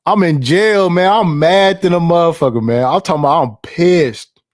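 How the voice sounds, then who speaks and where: A man's voice: a little high, normal speed. Laughing, profane livestream host, a man. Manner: loose and profane, laughs often, repeats himself. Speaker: livestream host reading chat. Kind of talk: casual livestream chat.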